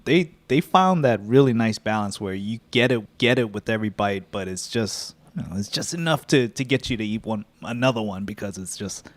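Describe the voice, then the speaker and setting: A man co-hosting a podcast in a casual snack-tasting chat, laid-back and easygoing, quick to laugh. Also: on the low side, animated, no room sound. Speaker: podcast co-host.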